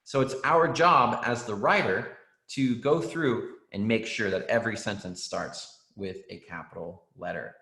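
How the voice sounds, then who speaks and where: A man's voice: fairly low pitch, a little slow, sharp tone. A man teaching an online writing class for children, encouraging and reading out student answers with frequent ums. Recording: roomy echo.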